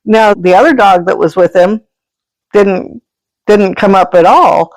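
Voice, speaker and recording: A mid-range female voice, a little slow, belongs to a podcast guest, an animal sanctuary founder and energy healer, who rambles through animal stories and laughs often in a casual conversation. The recording is dry and the audio poor.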